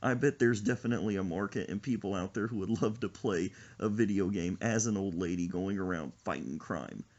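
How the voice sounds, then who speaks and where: A man's voice: low voice, a little fast, hardly any pauses, highs cut off. A man co-hosting a podcast in casual chat, telling stories animatedly and laughing often. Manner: animated storytelling with frequent laughter. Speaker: podcast co-host.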